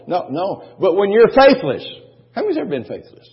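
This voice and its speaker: Husky-voiced man preaching in a reverberant hall. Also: on the high side, big pitch swings, fast talker. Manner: emphatic preaching with repetition and rhetorical questions. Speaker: pastor. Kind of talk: sermon. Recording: dull, long church-hall reverb.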